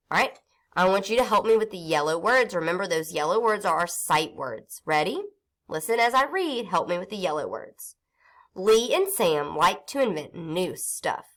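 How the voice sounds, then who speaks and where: A woman teaching a phonics lesson to young children, sounding out syllables slowly and clearly. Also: lowish voice, fairly bright tone. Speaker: reading teacher.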